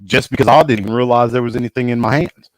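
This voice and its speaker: A man's voice: medium pitch, rapid-fire, no room sound, poor audio. Emphatic man hosting a casual talk show. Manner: enthusiastic, emphatic, restarts sentences. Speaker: show host. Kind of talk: casual podcast conversation.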